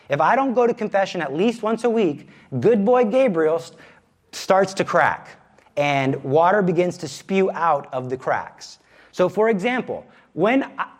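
A man in his thirties teaches a parish class as youth minister, talking in a conversational, self-deprecating way. His voice sits high and leaps around with lively inflection.

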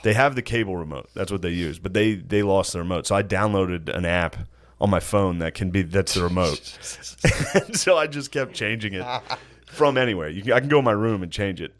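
A young man chatting casually, his pitch rising and falling freely as he tells family stories. He laughs often and breaks into quick impressions of an angry relative. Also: animated. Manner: laughing storyteller, mimics his father's angry voice. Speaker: podcast host. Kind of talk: casual storytelling chat.

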